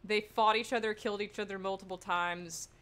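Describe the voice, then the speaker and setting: A woman's voice: mid-range voice, steady tone, fairly quick, fairly bright tone. A woman streamer giving casual, chatty gameplay commentary, giggly and self-mocking. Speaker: game streamer.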